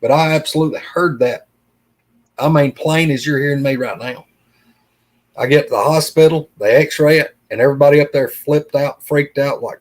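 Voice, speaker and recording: A man's voice: fairly high pitch, normal speed, low-quality recording. A middle-aged man, a podcast guest telling a personal story in an earnest, plain-spoken way and retelling conversations line by line.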